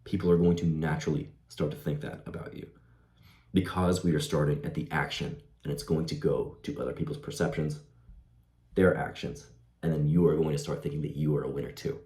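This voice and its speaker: Young male vlogger, low mellow voice, laid-back "bro" delivery, echoey room. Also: steady tone, brisk. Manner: laid-back, says "bro" and "like", laughs easily. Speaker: self-improvement vlogger. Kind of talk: casual advice monologue. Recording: roomy echo.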